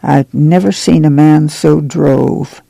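A man voicing a firm, steady farm mother who speaks in a matter-of-fact, soft-spoken way. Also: fairly high pitch, takes it slowly, gravelly, dry recording, full character voice.

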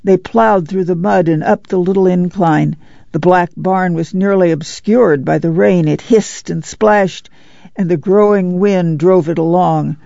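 A narrator reading a novel aloud at a steady, measured pace. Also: mid-range voice, creaky, dry recording, highs cut off. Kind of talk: audiobook narration.

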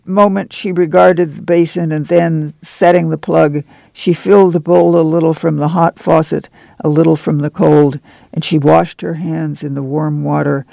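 Male narrator, measured storybook delivery, slightly high pitch with heavy fry. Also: a little mellow, no echo. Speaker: audiobook narrator. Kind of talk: scripted narration.

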